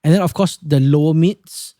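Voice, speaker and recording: A man's voice: on the high side, moderate pace, mellow, no echo, studio quality. A man, explaining audio mixing in a casual technical chat, thoughtful and hesitant with restarts.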